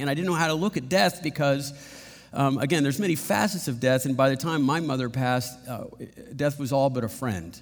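A middle-aged man preaching a sermon as pastor, earnest and halting, with frequent restarts. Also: mid-range voice. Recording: long reverb of a hall.

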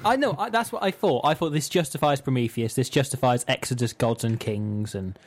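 A man's voice: medium pitch, brisk. A man from England co-hosting a casual podcast, making dry quips and laughing often. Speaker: podcast co-host. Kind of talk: casual chat.

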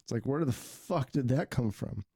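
A man in his thirties hosts a casual podcast, swearing freely as he tells stories about family. His voice sits at a middling pitch and sounds dry and close to the mic. He talks bluntly and laughs easily. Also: animated, moderate pace, creaky, mellow, slightly rough, no echo. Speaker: podcast host. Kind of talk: casual profane chat.

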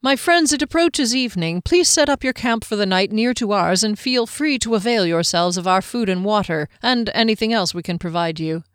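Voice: medium pitch, lively intonation, moderate pace, few pauses, a bit bright, smooth, no room sound, clean studio sound, pitched above the performer's own voice, close to an everyday voice. A narrator voicing a proud, guarded army major who speaks formally and courteously. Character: stern proud human army major, middle-aged.

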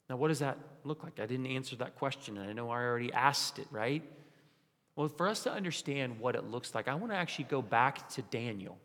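A young man preaching a sermon as pastor, asking the congregation rhetorical questions and dropping his voice low and quiet for emphasis. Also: expressive, fairly quick. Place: church sanctuary. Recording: long hall reverb.

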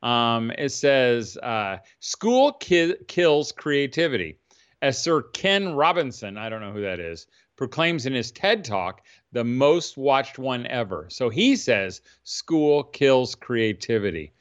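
Smooth-voiced chatty podcast man. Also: medium pitch, sing-song, slow pace, dull audio. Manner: rambling storyteller, laughs often. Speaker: podcast co-host. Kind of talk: casual chat.

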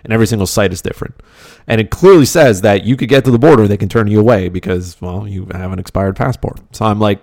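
A Canadian podcast host, talking in a rambling, conversational way with lots of fillers. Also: male voice, on the low side, fast talker, no room sound, studio quality. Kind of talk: casual monologue.

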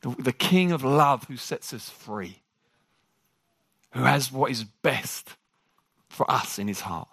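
A man preaching a sermon to a congregation. He jokes with the room and talks in an animated way. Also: mid-range voice, slow, gravelly, long pauses, slightly rough, dry recording, clean studio sound.

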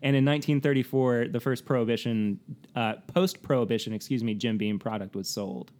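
A man's voice: medium pitch, fairly quick, darkish tone. Chatty man with a rambling delivery. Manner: rambling and self-correcting, laughs often. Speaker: co-host of a whiskey tasting show. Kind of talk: casual chat.

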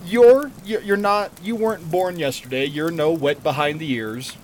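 A man's voice: on the high side, normal speed, a little mellow, slight background noise. A man narrating a tabletop game as game master, playful and swearing.

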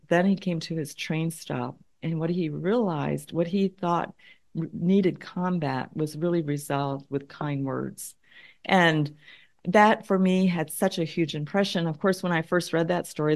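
A woman's voice: low-pitched, unhurried, darkish tone. A middle-aged woman, a conflict consultant, telling a story in an interview; thoughtful, often repeating words as she works out her point.

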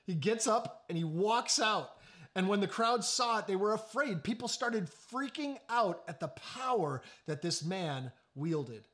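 Animated man preaching a sermon. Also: high-pitched. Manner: animated preaching with sudden drops to hushed, slow emphasis; joking asides. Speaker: pastor.

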